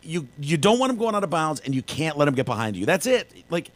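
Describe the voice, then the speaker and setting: A man's voice: on the high side, very animated, quick pace. A man hosting a casual podcast, talking sports in a rambling, chatty way. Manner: rambling, chatty, many fillers and restarts. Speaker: podcast host.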